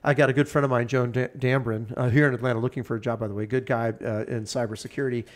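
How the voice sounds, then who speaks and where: A man's voice: medium pitch, steady tone, fast talker. A man as a podcast guest in casual chat, rambling enthusiastically through one plan after another. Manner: enthusiastic, rambling, piles up plans.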